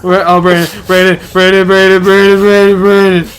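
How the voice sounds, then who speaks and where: A man's voice: high voice, level tone, moderate pace. A man giving casual commentary while playing a co-op game, urgently directing his partner and swearing freely. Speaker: co-host gamer.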